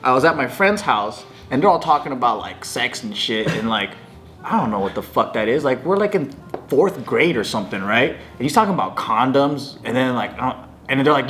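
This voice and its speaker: A man's voice: medium pitch, animated, fairly quick, fairly bright tone. A man co-hosting a podcast, telling a story in casual chat, loose and laughing, swearing often. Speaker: podcast co-host.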